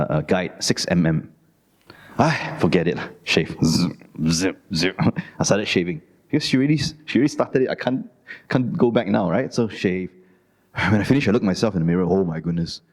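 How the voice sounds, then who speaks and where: A middle-aged Malaysian man with a Malaysian English accent, giving a Dhamma talk as an animated, self-mocking storyteller. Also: deep voice, brisk, long reverb tail. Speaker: Dhamma speaker. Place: Buddhist society hall.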